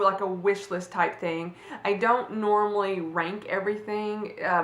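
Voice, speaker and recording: A woman's voice: fairly low pitch, a bit bright. A woman in her forties, a fashion vlogger chatting casually to camera, rambling with restarts and fillers. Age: 40s. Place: room at home. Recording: echoey room.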